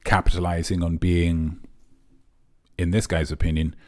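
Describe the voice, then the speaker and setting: A man's voice: sits low, flat delivery, normal speed, darkish tone. A man hosting a comic live quiz in a pompous, rambling, mock-serious manner. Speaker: quiz host.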